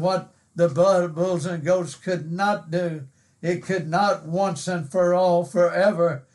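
A man preaching a fervent sermon, repeating phrases and rising to cries. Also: sits high.

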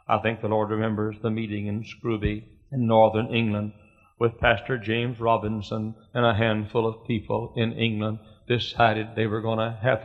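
A middle-aged man preaching a sermon as pastor, moving between quiet storytelling and loud fervent cries. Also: medium pitch. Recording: dull lo-fi sermon recording.

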